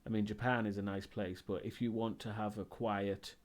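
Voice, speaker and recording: A man's voice: fairly low pitch, level tone, moderate pace. Hesitant, rambling male streamer. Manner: rambling and hesitant, with many ums and restarts. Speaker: live streamer. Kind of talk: casual chat answering viewer questions.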